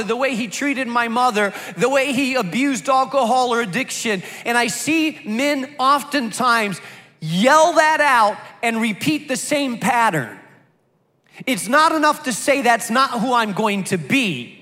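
A man's voice: extremely high pitch, lively intonation, unhurried, pushed and bright, long reverb tail. A man preaching a sermon to a congregation, driving his points home with emphatic repetition. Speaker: pastor.

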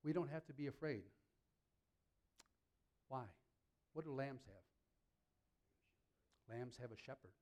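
A man preaching a sermon to a congregation in a church hall, lively and joking, his pitch leaping up on punchlines. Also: slow pace, pauses often. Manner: animated, jokes with the congregation, pitch leaps up on punchlines.

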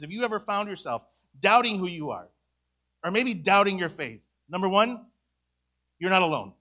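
Bright-voiced man preaching emphatically. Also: high voice, sing-song, normal speed. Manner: emphatic preaching with repeated rhetorical questions. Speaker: pastor. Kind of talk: sermon.

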